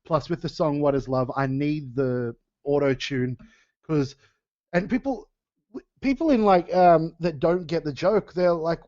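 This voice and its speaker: A man's voice: on the high side, a little slow, darkish tone, no room sound. A man chatting casually on a podcast, laughing often and restarting his sentences. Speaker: podcast co-host and metal band singer. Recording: dull lo-fi sound.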